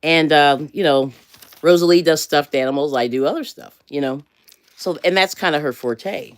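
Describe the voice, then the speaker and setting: A woman's voice: sits low, normal speed, no room sound. An American woman hosting a casual motivational livestream, rambling and self-correcting and laughing often. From USA. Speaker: livestream host.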